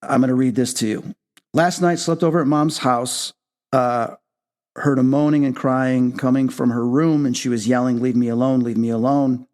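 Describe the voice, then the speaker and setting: A man hosting a paranormal talk show, telling a personal story in an animated way. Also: moderate pace. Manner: excitable, leaps high when reenacting his own reactions. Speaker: podcast host.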